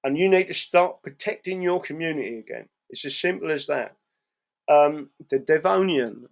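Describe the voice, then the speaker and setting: With lively intonation and a creaky, somewhat high voice, an English man talks at a moderate pace while hosting a live stream. He reads the live chat in a casual monologue, speaking bluntly, cursing, and tagging remarks with "right?".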